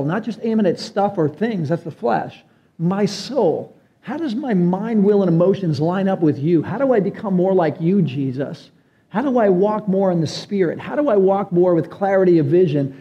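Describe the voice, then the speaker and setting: High, mellow-voiced male preacher. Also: lively intonation, moderate pace, muffled recording. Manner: earnest preaching with rising emphatic phrases. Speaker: pastor. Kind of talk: sermon.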